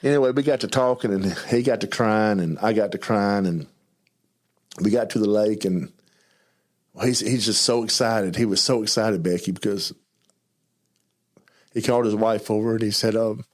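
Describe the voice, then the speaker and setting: A middle-aged man with a Southern US accent telling his life story in a casual interview, mumbling and stuttering now and then and talking fast in bursts. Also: fairly low pitch. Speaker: guest telling his testimony.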